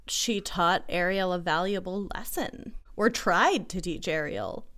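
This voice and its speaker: A woman's voice: on the low side, measured pace, a bit bright. A young woman, a mother, talking in a casual chat in an earnest, emotional way, often repeating herself.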